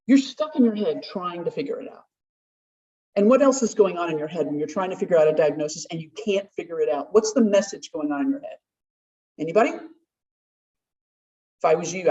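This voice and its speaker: A woman gives a talk at a conference, lively and chatty, and often slips into the voices of the people she quotes. Her pitch sits at an everyday middle. She sounds set back from the microphone, and the recording has a dull, muffled tone. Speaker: conference speaker. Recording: distant, dull room mic.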